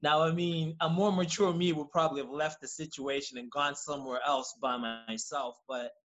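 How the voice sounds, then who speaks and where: A man, a podcast guest, telling a story in casual, profane, animated fashion and acting out what people said. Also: a little high, highs cut off. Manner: rapid, animated, profane, acts out quoted lines.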